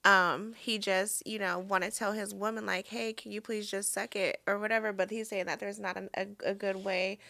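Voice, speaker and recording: A woman on a studio podcast with a bright, clear-edged voice. She speaks earnestly and keeps hedging with "like." The sound is close and dry. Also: mid-range voice, level tone, moderate pace, few pauses, no echo. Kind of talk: casual podcast banter.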